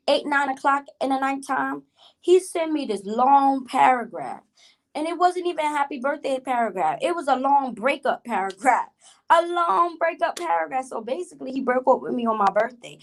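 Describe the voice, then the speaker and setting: A woman hosting a casual storytime vlog, chatty and repetitive, who keeps addressing her viewers directly and greets live chat mid-story. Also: a little high. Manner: chatty, repeats herself, addresses viewers as y'all. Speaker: vlog host telling a story.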